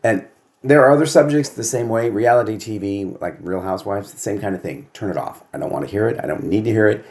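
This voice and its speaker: A man's voice: lowish voice, quick pace, darkish tone. An older man hosting his own show, delivering a casual solo monologue at home full of sarcastic complaints and rhetorical questions. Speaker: host.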